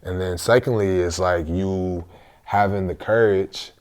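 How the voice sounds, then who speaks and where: A man's voice: deep voice, fairly even intonation, a little slow, darkish tone. A man from Florida, an actor guest, talking earnestly and reflectively in a casual interview.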